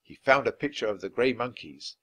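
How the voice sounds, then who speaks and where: A man's voice: mid-range voice, brisk. Man reading a children's book. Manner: clear, steady reading at natural speed for learners. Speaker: storybook reader.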